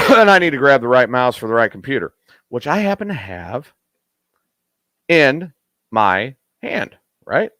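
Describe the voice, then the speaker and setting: Excitable, raunchy man hosting a show. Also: mid-range voice, a little slow, pauses often, no room sound. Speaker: host. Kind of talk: casual crude live-show chat.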